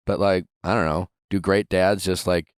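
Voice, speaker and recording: A man's voice: sits low, little pitch movement, normal speed, smooth, no room sound, clean studio sound. A man in his thirties hosting a call-in dating advice show, asking blunt, probing questions. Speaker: podcast host giving dating advice.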